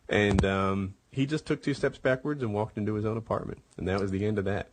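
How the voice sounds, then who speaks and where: A man's voice: on the low side, fairly even intonation, brisk, background noise. A middle-aged man telling a long personal story in casual chat, rambling with many fillers. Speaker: podcast host.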